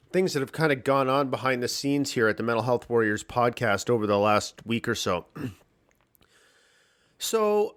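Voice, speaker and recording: A man hosting his podcast alone from his home basement, talking candidly with a morning voice, clearing his throat, swearing and restarting sentences. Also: medium pitch. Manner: candid, rambling, swears freely, frequent restarts. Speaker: podcast host. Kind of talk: casual solo podcast monologue.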